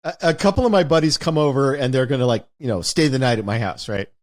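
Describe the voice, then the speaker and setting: A man's voice: medium pitch, fast. A man hosting a podcast, telling a childhood anecdote in a wry, casual way with some swearing. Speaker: podcast host. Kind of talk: casual storytelling.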